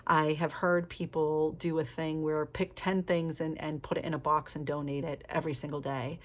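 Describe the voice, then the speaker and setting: Low-voiced chatty woman vlogger. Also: flat delivery, normal speed. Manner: chatty, candid, swears casually, laughs often. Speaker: planner vlogger. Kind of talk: casual flip-through chat.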